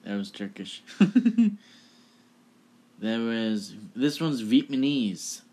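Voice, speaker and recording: Slow, chatty young host. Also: male voice, fairly low pitch, a little mellow. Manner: chatty and offhand, laughing at the results. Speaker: video host. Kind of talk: casual vlog presenting.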